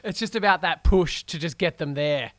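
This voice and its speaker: A man's voice: fairly high pitch, normal speed, fairly bright tone, slight background noise. A man hosting a casual podcast chat, reacting with playful joking asides.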